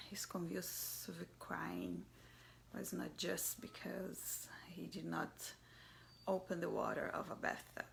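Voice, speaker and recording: A mother telling a personal story in a soft, halting voice that often drops to a whisper. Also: fairly low pitch, creaky, slight background noise. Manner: halting, searching for words.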